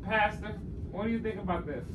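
A woman's voice: medium pitch, a little fast, reverberant. A woman talking casually with her family, teasing and firing off questions. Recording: distant, noisy home camera recording.

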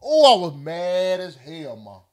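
A man telling a story on a casual podcast, loud and animated, with plenty of cursing. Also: a little high, moderate pace. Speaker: podcast host.

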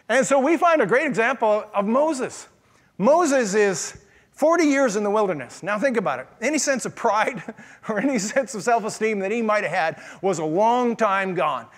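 High-voiced preaching pastor. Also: male voice. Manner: conversational preaching with rhetorical questions. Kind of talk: sermon. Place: church.

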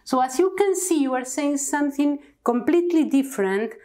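A woman from Argentina with an Argentine Spanish accent, teaching an online Spanish lesson with slow, careful enunciation. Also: sits high, lively intonation, mellow.

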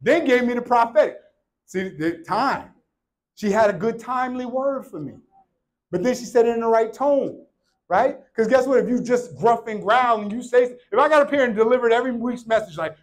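A man in his thirties preaching a sermon, joking with the congregation and swinging from shouts to hushed, quiet lines. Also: very high-pitched, lively intonation, normal speed, rough recording.

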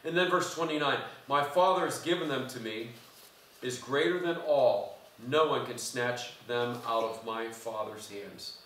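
A man's voice: medium pitch, a little slow, fairly bright tone. A man preaching a conversational sermon in a church, quizzing the congregation as he goes. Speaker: pastor. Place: church sanctuary. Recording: echoey church from far off.

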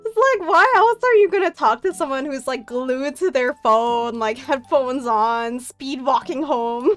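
A woman's voice: high-pitched, expressive, a little slow, a bit bright, soft background music. A young woman streaming from home, telling a story in a casual chat, rambling with many fillers and laughing often.

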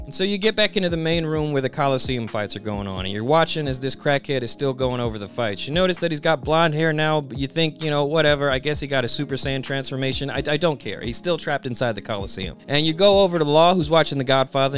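A man's voice: mid-range voice, expressive, fast, few pauses, a bit bright, soft background music. A man narrating a comedic recap in the second person, chatty and sarcastic, with frequent "okay?" asides.

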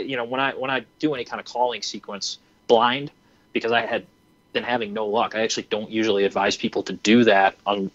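A man in his twenties telling a hunting story in a casual way, animated and full of fillers. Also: lowish voice, no echo. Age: 20s. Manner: animated, acts out his own reactions, many fillers. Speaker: hunting program founder and podcast guest. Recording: dry, slightly dull lo-fi audio.

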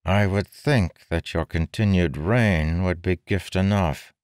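A man doing a gruff, proud nobleman. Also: deep voice, slow, a little mellow, no echo, clean studio sound, pitched above the performer's own voice. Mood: guarded. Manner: curt, growling, guarded. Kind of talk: audiobook character voice.

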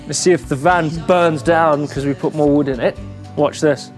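A man's voice: a little high, steady tone, normal speed, faint music behind. Chatty, joking young man in a van. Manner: chatty, joking and self-mocking. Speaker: van-build vlogger. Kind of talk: casual to-camera vlog. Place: inside a van being built.

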